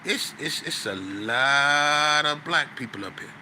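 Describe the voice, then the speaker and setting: Male guest storyteller, animated and slangy, slightly higher bright voice. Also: slow pace, a little hiss or hum, rough recording. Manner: animated, slang-heavy, stuttering restarts. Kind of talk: storytelling interview.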